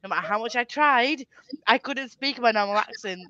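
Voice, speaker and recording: A woman's voice: fairly high pitch, normal speed, pushed and bright, no echo, dull audio. A woman hosting a casual live stream, rambling through stories and laughing often, on a webcam mic. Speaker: livestream host. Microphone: computer webcam mic.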